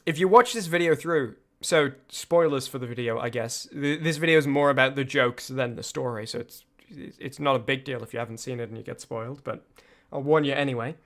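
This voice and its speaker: A man's voice: mid-range voice, fairly quick, few pauses, a bit bright. A man streamer giving loose, laughing commentary on his own videos, full of restarts. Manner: rambling, laughs often, many restarts.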